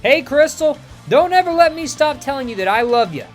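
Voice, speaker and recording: A man's voice: very high voice, big pitch swings, fairly quick, faint music behind, voice pushed up. A man doing a cocky young fire hero.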